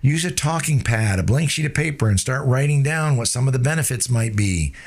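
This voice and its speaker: Lively man coaching sales techniques. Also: brisk. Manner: demonstrates pitch and tempo changes, rhetorical tag questions. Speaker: sales trainer. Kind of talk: sales training talk.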